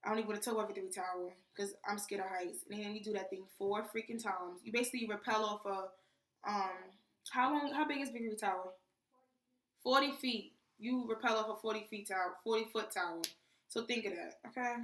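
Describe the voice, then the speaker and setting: A young woman from New tells her training story in a casual, animated vlog, peppering her talk with "freaking". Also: medium pitch, a little fast. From New York. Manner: animated, chatty, says "freaking" often. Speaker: soldier vlogger. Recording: echoey room, mic at a distance.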